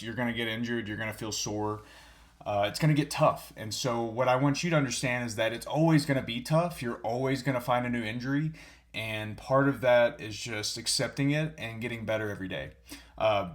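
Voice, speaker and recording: Young male fitness podcast host, calm and earnest, mid pitch, reflective monologue. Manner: calm, earnest, with frequent filler words. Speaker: podcast host and personal trainer.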